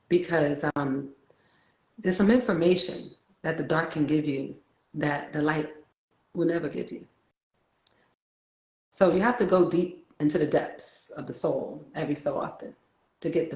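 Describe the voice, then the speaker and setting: A woman's voice: sits low, darkish tone. New york lady chatting away, laughs a lot, kinda echoey room. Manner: chatty, laughs easily, reflective. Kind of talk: casual spiritual chat.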